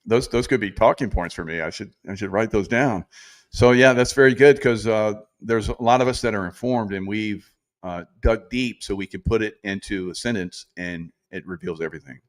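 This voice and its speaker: A man in his sixties with a fairly low voice hosts a loose livestream. He rambles from point to point, laughs often and slips into mocking impressions. He stops now and then to read viewer comments aloud. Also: normal speed. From South Carolina. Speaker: livestream host. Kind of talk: casual political commentary, reading chat comments.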